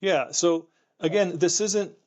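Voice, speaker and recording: A man who is a wildfire expert, recounting his experiences in an interview with frequent restarts and repeated words. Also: high voice. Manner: halting, repeats words while thinking. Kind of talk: reflective interview storytelling.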